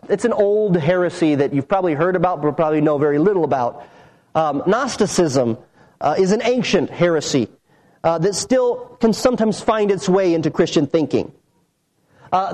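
A pastor preaching a sermon and explaining a verse, earnestly teaching and slowing down to stress key phrases. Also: male voice, high-pitched, a little mellow, rough recording.

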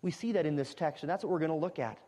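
A man preaching an expository sermon, emphatic, repeating phrases and building to loud climaxes. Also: a little high, racing, big-room sound.

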